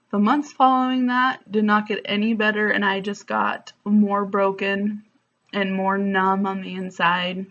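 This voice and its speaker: Woman, vlogger, confessional storytelling, candid, emotional, filler-heavy, mid pitch, muffled lo-fi audio. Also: a bit bright.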